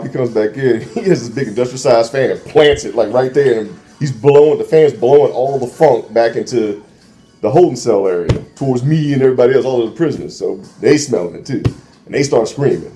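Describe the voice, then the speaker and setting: A man's voice: medium pitch, a little fast. A middle-aged man, a former police officer, telling stories in casual chat and acting out the voices in them. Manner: animated, acts out voices in his stories. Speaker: interview guest, former transit police officer. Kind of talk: casual storytelling.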